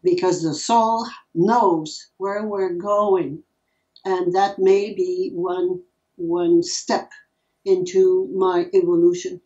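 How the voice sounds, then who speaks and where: Slow, soft-spoken woman speaker, distant. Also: fairly low pitch, fairly even intonation, lo-fi sound. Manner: soft-spoken, searching for words, repeats herself. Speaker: spiritual speaker. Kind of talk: reflective talk answering questions.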